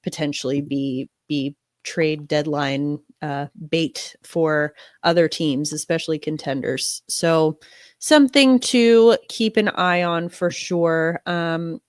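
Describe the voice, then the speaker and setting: A woman's voice: low voice, slow, dry recording, clean studio sound. A young woman hosting a casual sports podcast, sounding nasal from a cold and talking in a chatty way, with many fillers and restarts. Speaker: podcast host.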